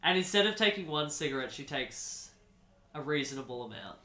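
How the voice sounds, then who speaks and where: A man telling a made-up story for laughs, with a deadpan and animated delivery. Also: on the high side, brisk, echoey room, a little hiss or hum. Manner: animated, deadpan nonsense told as fact. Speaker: podcast co-host. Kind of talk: comedic improvised storytelling.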